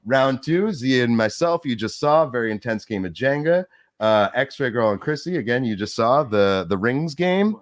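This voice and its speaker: A man runs party games in casual, agreeable talk, his pitch swinging lively up and down. The sound is dry and close. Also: normal speed, no room sound. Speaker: game organizer. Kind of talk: casual chat.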